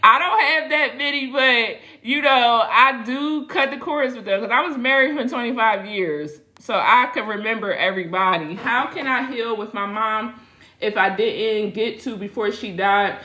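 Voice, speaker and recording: A woman's voice: fairly high pitch, a little slow, bright, forceful tone, echoey room. A middle-aged woman hosting a casual live Q&A as a spiritual reader, chatty and laughing as she talks straight to her viewers.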